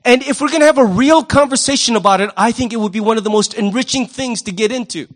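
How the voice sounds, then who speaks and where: A male pastor preaching a sermon in an animated, wry way, often jumping into quoted voices. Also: extremely high pitch, quick pace.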